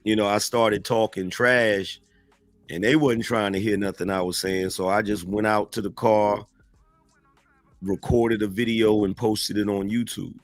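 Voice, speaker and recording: Slangy low-voiced man, dry sound. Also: unhurried, no echo, faint music behind. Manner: relaxed, slangy street talk. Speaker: interview guest, online commentator. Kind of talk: casual storytelling in an interview.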